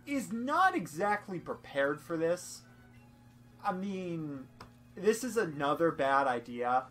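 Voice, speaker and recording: A woman's voice: lowish voice, very animated, takes it slowly, long pauses. A young woman doing goofy, rambling let's-play commentary with frequent laughs, over faint game music. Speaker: game streamer.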